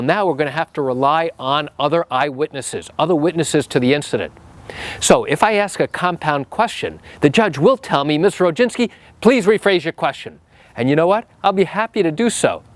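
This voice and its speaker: A man's voice: fairly high pitch, no room sound. A lawyer explaining courtroom practice straight to camera, acting out the trial exchanges in his own voice. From New York.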